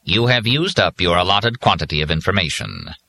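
A man's voice: low voice, animated, brisk, creaky, bright, forceful tone, exaggerated voice. A man voicing a robotic government encyclopedia on the phone, curt and officious.

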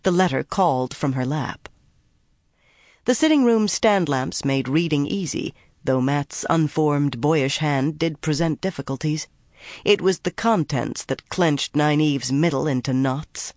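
An audiobook narrator reading a fantasy novel in a measured, even storytelling manner. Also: medium pitch, no echo, studio quality. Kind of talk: scripted narration.

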